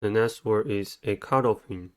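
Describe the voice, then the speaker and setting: A man's voice: fairly low pitch, normal speed. A man hosting a vocabulary lesson, methodically spelling out words sound by sound in a scripted, careful delivery. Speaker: vocabulary teacher, channel host.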